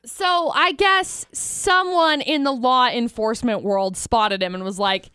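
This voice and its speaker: A woman's voice: a little high, takes it slowly, few pauses, fairly bright tone, clear, resonant tone, no room sound, studio quality. A woman co-hosting a casual chat show, reading out odd news stories with a playful, laughing delivery. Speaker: co-host.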